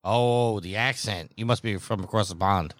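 A man's voice: lowish voice, moderate pace, fairly bright tone, no room sound, studio quality. A man hosting a casual gaming podcast, teasing his co-hosts with a showman's flair and a New York accent. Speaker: podcast host.

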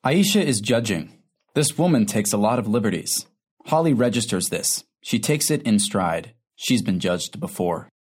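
A man narrating a drama in a calm, observant way, like reading stage directions. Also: fairly low pitch, moderate pace, breathy edge.

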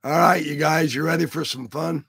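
A hoarse man with a rough, raspy voice hosting a casual live stream, joking around and greeting his viewers by name. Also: fairly high pitch, steady tone, normal speed, a bit bright, dry recording, clean studio sound. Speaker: livestream host.

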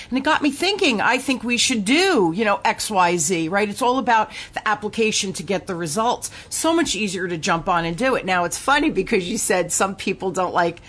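A woman's voice: medium pitch, animated, fairly bright tone, slightly rough. North Jersey woman hosting a podcast. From New Jersey, US. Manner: enthusiastic, giggly, quick asides. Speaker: podcast host. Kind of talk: casual interview chat.

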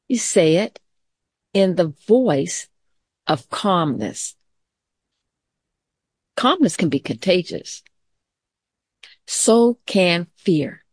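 A middle-aged woman leads a children's mindfulness lesson, talking to the kids in a gentle, patient way. She speaks slowly with a slightly low voice. The sound is close and dry, with no room echo. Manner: calm, gentle, talks straight to children. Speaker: teacher.

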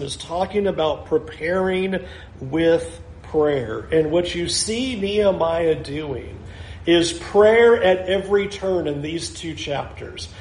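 Male pastor, high voice, expressive sermon delivery that acts out the scripture, roomy sound. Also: gravelly, a little hiss or hum.

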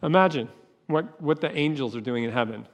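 A man's voice: on the high side, animated, fairly quick. A man preaching a sermon with passion, acting out voices as he goes. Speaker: pastor. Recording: long hall reverb.

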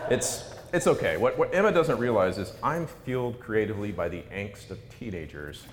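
A man's voice: animated, normal speed, hardly any pauses. A middle-aged man, an author, giving a humorous talk in a wry, self-mocking way. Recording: echoey hall with faint rumble.

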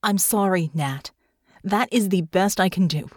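A woman voicing a tired, concerned female friend who speaks slowly and carefully in an audiobook. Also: lowish voice, no echo, studio quality. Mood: apologetic. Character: weary, worried woman friend at a noble house. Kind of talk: audiobook character voice.

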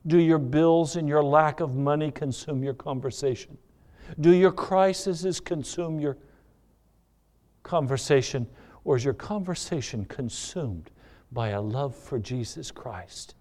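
A male pastor preaching a sermon, firing off rhetorical questions and swinging between loud emphasis and hushed, low lines. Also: slow pace.

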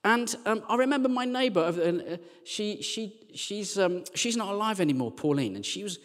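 Male preacher, high voice, conversational and jokey, long hall echo. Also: animated, normal speed. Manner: conversational and joking, dropping to quiet earnest lines. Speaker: pastor, team leader. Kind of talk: sermon.

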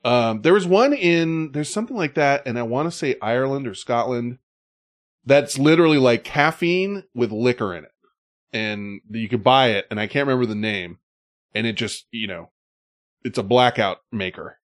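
A man's voice: mid-range voice, normal speed. A man hosting a podcast, chatting casually, reading out listener messages and laughing often. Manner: laughing, rambling, lively delivery. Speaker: podcast host.

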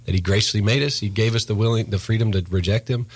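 A man's voice: on the low side, fast talker, slightly rough. A man in a casual faith conversation, telling stories and acting out sarcastic voices. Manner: animated storyteller who acts out sarcastic voices.

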